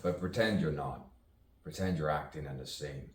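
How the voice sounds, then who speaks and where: Deep-voiced man musing sardonically. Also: normal speed. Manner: musing, sardonic, asks himself questions, laughs at himself. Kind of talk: rambling self-recorded monologue. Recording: echoey room, distant mic, faint background noise.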